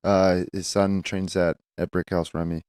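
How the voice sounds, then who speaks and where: A fairly low-voiced man, a boxer guest on a podcast, talks in a relaxed, stop-start way. He repeats words as he gets going, and the sound is dry and close. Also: moderate pace, clean tone, no echo. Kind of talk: casual interview chat.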